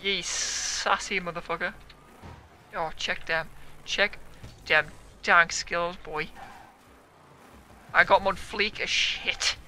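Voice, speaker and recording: A young man, a gaming YouTuber, giving loud, excitable commentary on his own play, yelling, swearing and laughing. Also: sits high, slow pace, pauses often.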